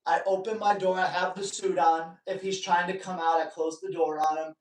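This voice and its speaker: A man hosting a live dog-training Q&A, telling stories in a lively way and joking with his viewers. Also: high voice, normal speed. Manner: animated storytelling, joking asides. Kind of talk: casual live-stream talk. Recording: echoey room, distant mic.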